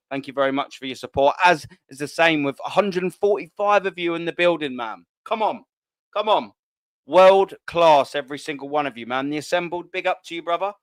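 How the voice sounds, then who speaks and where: A man chats bluntly through a live fan stream, swearing freely and answering viewer comments. His voice sits a bit high and comes across smooth and resonant. The sound is dry and close. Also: brisk, no echo. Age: 30s. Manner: blunt, sweary, animated banter. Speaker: host.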